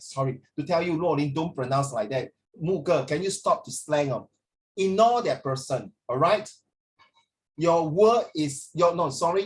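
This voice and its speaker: Middle-aged man, online teacher, playful and teasing, slightly high voice, video call sound. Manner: playful, teasing, jumps between English and Mandarin. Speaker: English teacher.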